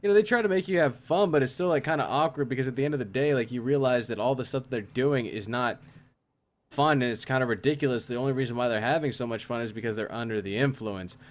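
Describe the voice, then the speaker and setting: This is a young man from co-hosting a podcast, talking in a rambling, halting way with plenty of fillers. His voice sits at an ordinary middle pitch. He keeps restarting his sentences as he chats. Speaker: podcast co-host. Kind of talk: casual chat.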